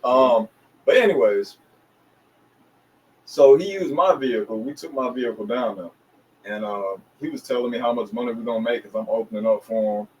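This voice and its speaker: A man from the Atlanta area, a DJ and rapper, telling a long story in a casual interview with slang and lively voicings of the people he quotes. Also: mid-range voice, moderate pace. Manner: animated, slangy storyteller who acts out others' voices. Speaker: interview guest, DJ and recording artist. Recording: distant mic with faint background noise.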